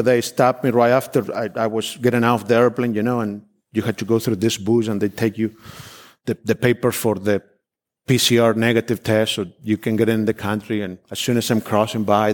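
A man's voice: on the low side, flat delivery, fairly quick. A man from Argentina preaching a sermon, telling of a mission trip with fervent, repetitive declarations and frequent restarts. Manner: frequent restarts, non-native phrasing. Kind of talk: sermon with personal testimony.

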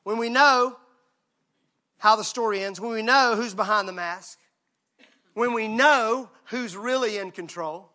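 A male pastor from Mississippi, preaching a lively, joking, conversational sermon. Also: sits high, measured pace, long pauses. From Mississippi, USA.

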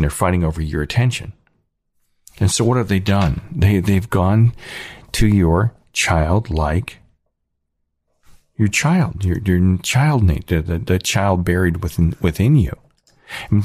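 A man's voice: sits low, darkish tone, no echo, clean studio sound. A man hosting his own channel, ranting sarcastically in a casual monologue. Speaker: channel host.

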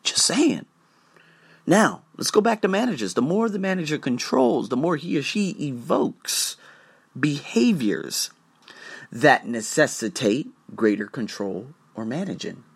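A man hosting a podcast, talking as a teacher in a profane, ranting, animated manner. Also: a little high, a little slow, husky. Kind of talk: casual monologue podcast.

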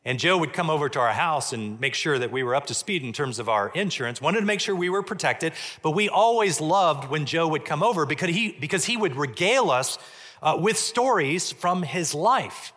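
Bright-voiced male pastor preaching. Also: animated. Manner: measured preaching, drops low and soft on key points. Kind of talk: sermon. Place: church sanctuary. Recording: long church reverb.

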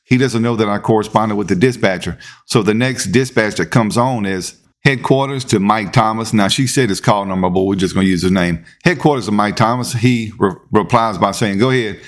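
A man, telling a story as podcast host in a relaxed, conversational way. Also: fairly low pitch, brisk, few pauses. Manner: laid-back, conversational, repeats words when building up. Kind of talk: casual storytelling.

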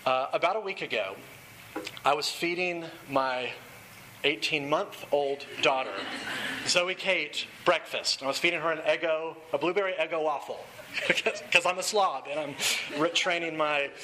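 A man's voice: fairly high pitch, normal speed, noisy background. A young man preaching a sermon, earnest and at times playful as he tells a story. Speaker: pastor.

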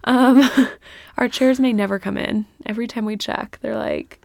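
A woman co-hosting a podcast in casual chat, animated and laughing often, with the hiccups, recorded in a small closet. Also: on the high side, normal speed, vocal fry, no echo, clean studio sound. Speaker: podcast co-host.

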